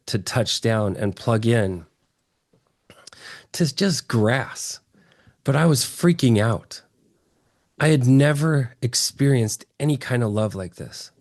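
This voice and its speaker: A man from Texas telling his story as an interview guest, earnest and excitable, often restarting his phrases. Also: mid-range voice, no echo, clean studio sound. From Texas, USA.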